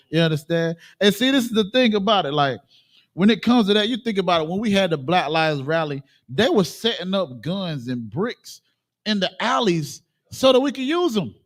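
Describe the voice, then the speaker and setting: A man's voice: fairly high pitch, moderate pace. Emphatic man leading a religious class. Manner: animated, emphatic, acts out quoted voices. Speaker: class leader. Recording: live-streamed group class.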